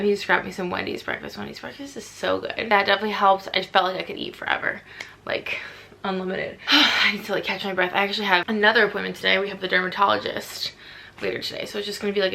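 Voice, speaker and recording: A woman's voice: medium pitch, vocal fry, pushed and bright, a little hiss or hum. A young woman vlogging casually to camera, chatty and full of "like" fillers. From Southern US.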